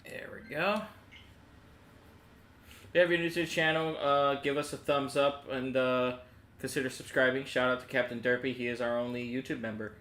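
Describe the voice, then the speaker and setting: A man's voice: mid-range voice, steady tone, a little fast, fairly bright tone, reverberant, a little hiss or hum. A man hosting a casual game livestream in an upbeat, chatty way, often laughing. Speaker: let's-play streamer.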